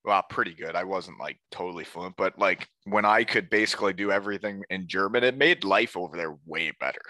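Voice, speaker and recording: A man's voice: deep voice, brisk, sharp tone, no echo. A middle-aged man hosting a casual chat, joking and talkative, close to a mic. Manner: joking, chatty. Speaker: podcast host. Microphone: studio mic.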